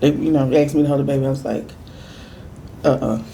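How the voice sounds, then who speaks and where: Mellow-voiced woman telling a story. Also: a bass voice, rapid-fire, vocal fry, a little hiss or hum. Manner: chatty, emphatic repeats, lively quoted voices. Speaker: food vlogger. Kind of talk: casual storytime while eating.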